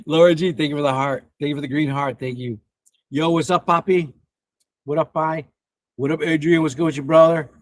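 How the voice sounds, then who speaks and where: High-voiced man in his fifties, excitable. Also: fairly quick, dry recording. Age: 50s. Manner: excitable, swears freely, laughs often. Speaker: livestream host reading chat. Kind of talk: casual livestream chat.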